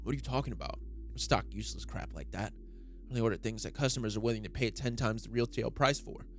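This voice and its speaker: A man voicing a gruff male black-market shopkeeper, reading manga dialogue aloud in a lower, quieter tone. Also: fast talker, close to an everyday voice. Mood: blunt.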